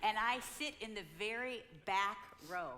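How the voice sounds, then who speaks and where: A woman's voice: mid-range voice, unhurried, sharp tone. A woman in her sixties speaking at a couples conference, playfully telling her side of a marriage story. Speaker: speaker, pastor's wife.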